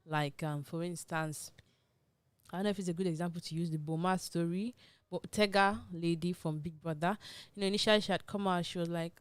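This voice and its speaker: Low-voiced woman hosting talk radio. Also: steady tone, brisk, smooth, dry recording. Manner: conversational, opinionated, emphatic asides. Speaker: radio talk show host. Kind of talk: casual panel discussion. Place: radio studio.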